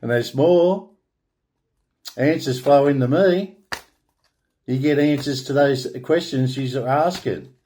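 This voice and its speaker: Aussie bloke rambling on his own, slow and halting, keeps restarting words then gets all grand and preachy. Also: mid-range voice, dark tone, a little hiss or hum. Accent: Australian. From Australia. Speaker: online spiritual speaker. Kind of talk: rambling solo monologue.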